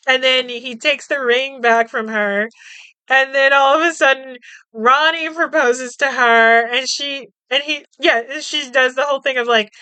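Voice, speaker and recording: A woman's voice: sits high, a little slow, sharp tone, clean tone, no room sound. A woman podcast host casually recapping a movie, chatty and swearing, laughing as she acts out the characters' lines.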